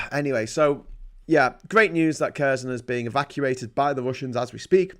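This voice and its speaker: A man's voice: medium pitch, moderate pace. A man hosting a livestream, giving profane, heated and indignant political commentary into a desk mic. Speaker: livestream host.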